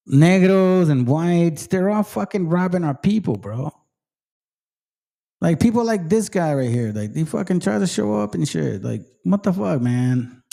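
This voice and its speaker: A man's voice: sits high, gravelly, darkish tone. A man hosting his own channel, ranting heatedly to viewers, swearing often and dropping into Spanish slang. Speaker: channel host. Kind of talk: profane casual rant to viewers.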